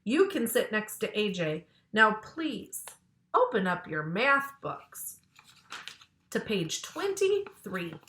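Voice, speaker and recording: Brisk storybook schoolteacher man, bright-toned, read by a woman, roomy sound. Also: medium pitch, sing-song. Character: stern male schoolteacher. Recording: roomy echo.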